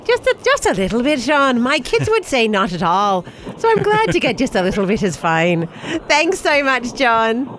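A woman's voice: a little high, very animated, normal speed, noisy background. A South African woman hosting a breakfast radio show, bubbly and laughing often. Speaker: radio host.

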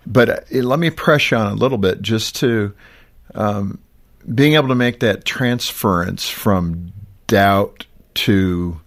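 A man's voice: on the low side, takes it slowly. Conversational man hosting a faith interview. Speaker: host.

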